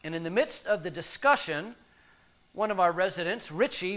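Bright-voiced reflective male pastor. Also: high-pitched, lively intonation. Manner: reflective, measured, with pauses. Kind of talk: sermon.

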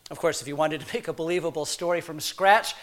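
A man preaching a sermon in an animated, playful way, full of humorous asides and quick restarts. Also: a little high.

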